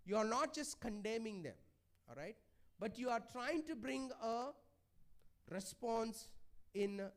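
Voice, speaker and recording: High-voiced man preaching a sermon. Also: lively intonation, unhurried, long pauses. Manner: pleading, conversational preaching with frequent "right?". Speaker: pastor. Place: church.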